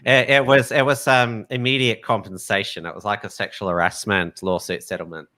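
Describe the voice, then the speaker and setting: Male host, measured and hesitant, slightly low voice with a bright edge. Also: level tone. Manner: measured, hesitant, repeats words when starting. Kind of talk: casual chat.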